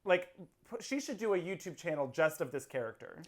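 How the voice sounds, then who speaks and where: A woman's voice: fairly low pitch, very animated, a little fast, darkish tone. A woman co-hosting a casual podcast recap, giving her opinions in a chatty, agreeable way. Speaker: podcast co-host. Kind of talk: casual chat.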